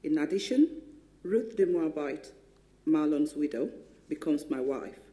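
A man reading a Bible passage aloud in church in a steady, formal way. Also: on the high side, unhurried. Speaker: scripture reader. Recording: echoey church room.

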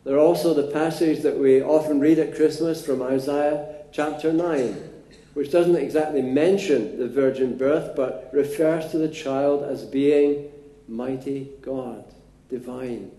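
A man delivers a sermon in an unhurried, conversational manner, with plenty of pauses and fillers. His voice is very dark and mellow, sitting at an ordinary pitch, and it rings around a roomy, echoing space. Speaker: preacher.

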